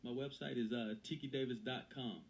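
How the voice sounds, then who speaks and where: A man's voice: mid-range voice, steady tone, brisk, lo-fi sound, a little hiss or hum. A man as an interview guest and author, talking earnestly in casual conversation, often repeating phrases and restarting.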